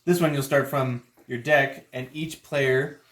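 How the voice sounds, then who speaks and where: A man demonstrates a card game and talks through each move as he plays it. His voice has an ordinary pitch. The recording is roomy and has a faint background hiss. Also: steady tone, unhurried, a bit bright. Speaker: game explainer.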